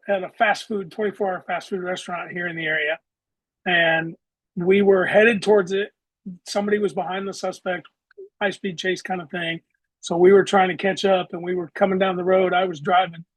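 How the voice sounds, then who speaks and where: A middle-aged man with a fairly high, husky voice tells vivid stories in an interview. The sound is dry and close, with no room in it. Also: a bit bright, no echo, rough recording. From Southeastern United States. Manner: matter-of-fact, vivid storyteller. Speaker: guest, former traffic police officer. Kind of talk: interview storytelling.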